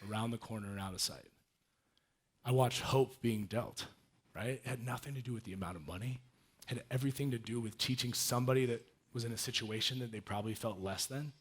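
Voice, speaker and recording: A man in his thirties giving a casual, animated storytelling talk as a guest speaker. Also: mid-range voice. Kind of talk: storytelling talk to a live audience.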